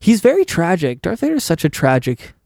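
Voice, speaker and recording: A man in casual conversation, telling stories in an animated way. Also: sits high, gravelly, no echo, clean studio sound. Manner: animated storytelling, quick asides. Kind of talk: casual chat.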